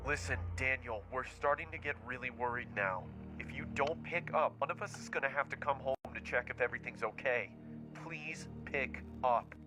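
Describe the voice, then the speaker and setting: A man's voice: mid-range voice, normal speed, over music, natural voice. A man playing a worried father leaving urgent, pleading voicemails.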